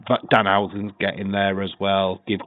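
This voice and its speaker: A man chatting casually on a podcast, blunt and animated, swearing freely. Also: low-pitched, moderate pace. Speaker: podcast co-host. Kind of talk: casual chat. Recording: tinny phone-like line.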